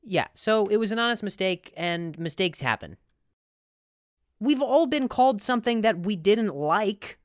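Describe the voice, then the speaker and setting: A man's voice: high voice, animated, a little slow, dry recording, studio quality. A young man hosting a comedy podcast, rambling and profane, with sarcastic rants full of restarts. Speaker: podcast host.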